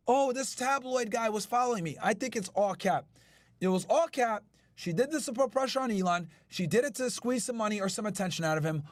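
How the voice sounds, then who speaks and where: A man's voice: high voice, no room sound. A male podcast host in casual chat with his live chat, brash and profane. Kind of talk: casual chat reacting to news.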